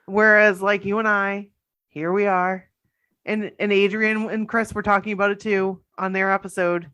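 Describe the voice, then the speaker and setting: A woman's voice: medium pitch, little pitch movement, normal speed, fairly bright tone, clean tone. A woman co-hosting a casual podcast, gushing and chatty as she reads out listener stories. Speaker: podcast co-host.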